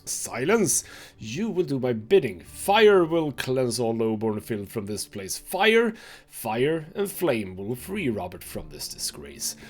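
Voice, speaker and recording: A man's voice: mid-range voice, a little mellow. A man voicing a gaunt old nobleman driven to madness, ranting with scorn and religious fervor in a game reading. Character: gaunt, maddened old male nobleman, venomous.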